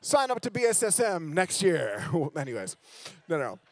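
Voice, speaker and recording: A man preaching a sermon in a church, telling candid, self-mocking stories and swinging between loud emphasis and low, hushed lines. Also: big pitch swings, moderate pace, no room sound. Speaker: guest preacher. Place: church sanctuary.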